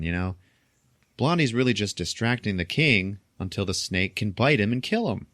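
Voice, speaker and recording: Man, podcast host, low voice, casual film recap, laughs a lot, swears, very dry close sound. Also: normal speed, dry recording. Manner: animated storytelling, frequent laughter, swearing.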